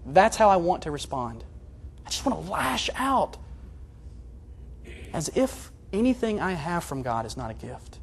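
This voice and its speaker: A man preaching a sermon in an earnest, confessional way, moving between hushed and loud passages. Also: sits high, breathy edge. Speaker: pastor.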